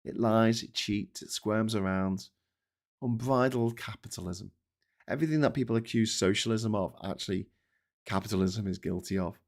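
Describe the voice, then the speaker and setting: A man's voice: lowish voice, moderate pace. A middle-aged man hosting a daily political news show, talking in a blunt, sarcastic, sweary ranting style with many fillers and restarts. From Britain. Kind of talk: casual ranting commentary.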